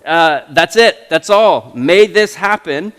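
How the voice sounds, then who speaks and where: Animated man in his thirties preaching. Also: fairly high pitch, slow, clean tone, long reverb tail. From Canada. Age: 30s. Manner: animated, conversational preaching with restarts. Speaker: pastor. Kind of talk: sermon. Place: church sanctuary.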